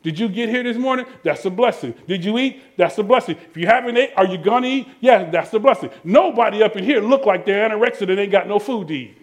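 A man preaching to his congregation in church, throwing out "what?" questions and swinging from shouted peaks to low, quiet stretches. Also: fast, few pauses. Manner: call-and-response questions, swings between shouting and low murmurs. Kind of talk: sermon.

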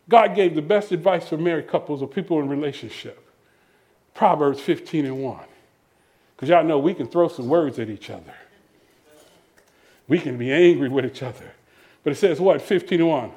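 A man preaching to his congregation in church, throwing out "what?" questions and swinging from shouted peaks to low, quiet stretches. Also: moderate pace, pauses often. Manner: call-and-response questions, swings between shouting and low murmurs. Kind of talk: sermon.

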